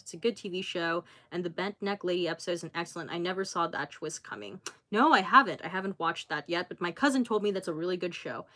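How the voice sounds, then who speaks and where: Chatty woman in her twenties. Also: fairly low pitch. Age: 20s. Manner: chatty and expressive, many fillers, reads viewer comments aloud. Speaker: YouTuber hosting a livestream. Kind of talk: casual livestream chat, reading comments.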